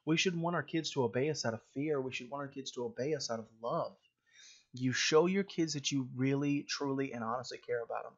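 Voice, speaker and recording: A man's voice: mid-range voice, fairly quick, dull audio. A man preaching a sermon in a plain conversational way, with frequent fillers and restarts.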